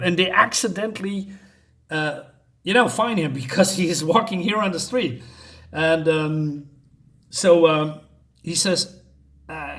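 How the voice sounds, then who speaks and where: A man with a fairly high voice talks through a comic issue in a casual, unscripted way. He hesitates a lot, fills gaps with ums and uhs, and stops to correct himself. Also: measured pace. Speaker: comic book reviewer.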